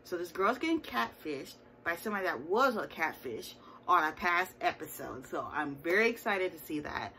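A woman's voice: lowish voice, animated, moderate pace, few pauses, bright, forceful tone, slight background noise, poor audio. A woman hosting her own channel, recapping a reality show episode in a chatty, sassy way with playful asides. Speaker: TV show reviewer. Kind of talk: casual recap chat.

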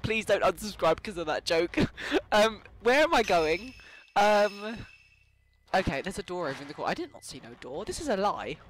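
A man's voice: sits high, big pitch swings, moderate pace. A young man giving rambling, jokey commentary while playing a game and talking back to its ghosts. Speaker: let's play gamer. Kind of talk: casual gameplay commentary.

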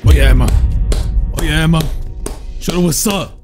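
A young man giving casual let's-play commentary, slangy and profane, reacting loudly and animatedly to the game. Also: a little high, normal speed. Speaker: gaming channel host. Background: game music.

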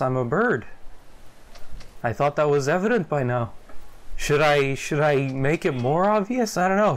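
A young man commentating on a video game he is playing, excitable and foul-mouthed, with loud outbursts and frequent laughs. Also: on the high side. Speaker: gameplay commentator. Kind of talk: let's play commentary.

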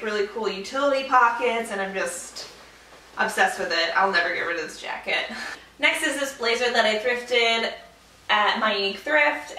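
A woman's voice: mid-range voice, bright, forceful tone, recorded from a distance, slight background noise. A young woman vlogging casually about her clothes, chatty and enthusiastic, with lots of "like" and "uh". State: out of breath. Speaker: fashion vlogger. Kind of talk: casual vlog narration. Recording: echoey room, away from the mic.

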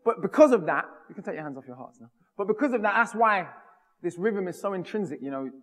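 Man, public talk, rhythmic and emphatic, fairly high voice, long echo of a large hall. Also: expressive, fast, a bit bright. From United Kingdom. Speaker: speaker.

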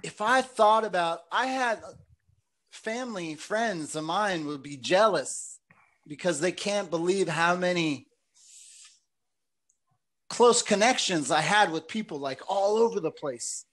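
A man's voice: high voice, lively intonation, unhurried, fairly bright tone. A man hosting a casual chat, telling long rambling stories and saying "dude" and "like" often. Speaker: podcast host.

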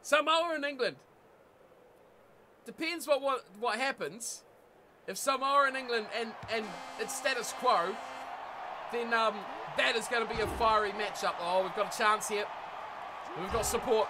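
A young man commentating a rugby video game live and chatting with viewers, excitable and laughing often. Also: very high voice, unhurried, long pauses, heavy background noise. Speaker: game streamer.

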